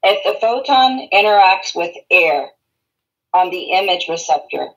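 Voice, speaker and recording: This radiology instructor has a lowish, animated voice that's a bit bright, and she speaks at a measured pace over poor audio. Teaching her class, she keeps repeating key words and quizzes students to confirm they're following.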